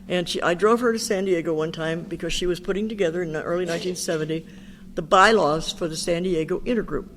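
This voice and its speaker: A woman's voice: lowish voice, fast talker. Older woman, candid recovery-meeting speaker, chatty storyteller, faint background hiss. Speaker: Al-Anon speaker. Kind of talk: personal recovery talk.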